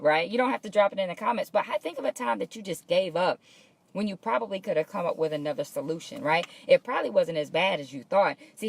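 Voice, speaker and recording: A woman's voice: mid-range voice, gravelly, breathy edge, dry recording. A woman hosting a live morning motivational show from her workplace, talking casually and encouragingly to viewers and greeting them by name.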